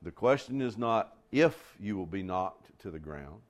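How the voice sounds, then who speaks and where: A man preaching a sermon, telling stories and stretching key phrases with big rises in pitch. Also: lively intonation, unhurried. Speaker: pastor.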